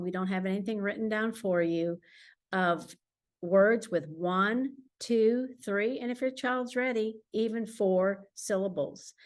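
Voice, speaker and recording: A woman teacher explaining reading games to parents at home, patient and clear, slowing down to model words the way she would for a child. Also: mid-range voice. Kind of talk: instructional talk to parents.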